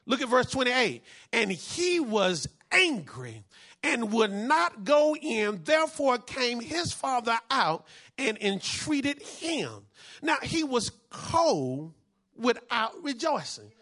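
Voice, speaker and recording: Male pastor, high bright voice, call-and-response preaching. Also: big pitch swings, takes it slowly. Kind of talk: sermon.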